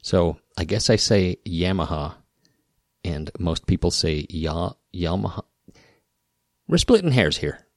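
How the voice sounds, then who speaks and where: A man's voice: low-pitched, sing-song, moderate pace, few pauses, darkish tone, no room sound, clean studio sound. A man with a rural Western Midwest American accent hosting a podcast, rambling and wry, often breaking off and restarting. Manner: rambling, self-interrupting, wry. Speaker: podcast host. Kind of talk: casual podcast talk.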